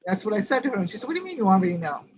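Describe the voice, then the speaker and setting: An older woman shares a painful memory in casual group talk, and her voice sits at an ordinary middle pitch. She rambles through the story and replays every exchange with "I said" and "she said." Her delivery is plain, unpolished storytelling. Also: big pitch swings, rapid-fire, a little mellow, rough recording. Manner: rambling retelling that quotes each conversation. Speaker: host of a grief group. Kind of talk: personal storytelling in casual chat.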